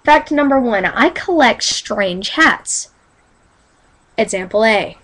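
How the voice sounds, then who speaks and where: A young woman on a quiet webcam mic, chatting in a bubbly, goofy, apologetic way, a bit stuffy from allergies. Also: a little high, animated, unhurried, poor audio. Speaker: YouTuber auditioning for a collab channel. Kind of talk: casual webcam vlog.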